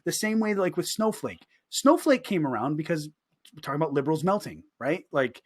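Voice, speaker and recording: A man co-hosting a casual comedy podcast, rambling through animated banter and laughing often. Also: fairly high pitch, a little fast. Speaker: podcast co-host.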